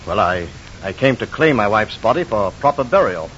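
A man's voice: on the low side, big pitch swings, moderate pace, fairly bright tone, a little hiss or hum. A grieving, indignant husband in a vintage radio drama. He pleads earnestly, set slightly back from the microphone. The recording is dull and old. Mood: indignant pleading. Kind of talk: 1940s radio acting.

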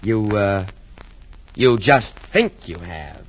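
Young hero, defiant and cagey; lively delivery, dull old radio sound. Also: male voice, lowish voice, takes it slowly, full character voice. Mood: sly. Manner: defiant, then cagey and stalling. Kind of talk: 1940s radio acting. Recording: muffled old radio recording.

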